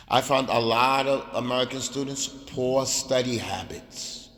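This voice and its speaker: A man's voice: mid-range voice, a little slow, hardly any pauses, a bit bright. A man teaching an Arabic class in a mosque, emphatic and repetitive, drilling phrases aloud. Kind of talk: lecture in a mosque. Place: mosque hall. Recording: long hall reverb.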